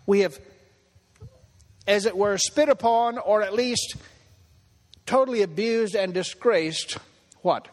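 A man's voice: high-pitched, measured pace, pauses often. A man preaching a sermon as pastor, repeating phrases for emphasis and building to impassioned peaks. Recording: long hall reverb.

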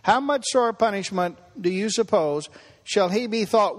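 A man's voice: high voice, expressive, a little slow. A man preaching a sermon as pastor, repeating phrases for emphasis and building to impassioned peaks. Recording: long hall reverb.

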